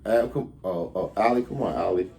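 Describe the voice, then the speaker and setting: A man's voice: low-pitched, a little fast, creaky, a little mellow, a little hiss or hum. A man hosting a casual podcast, bantering with callers in a joking, profane, teasing way. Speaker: podcast host. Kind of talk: casual live-stream chat with callers.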